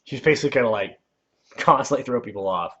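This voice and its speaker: A young adult man with a mid-range voice and a sharp tone talks at a quick pace as he livestreams a game. He's relaxed and rambling, chuckling as he answers his viewers, heard through a dull lo-fi stream mic.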